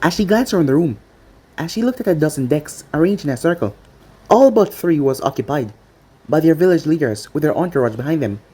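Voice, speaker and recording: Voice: medium pitch, animated, brisk, warm tone, slightly rough. A reader casually reading a fan fiction story aloud, stumbling over words now and then.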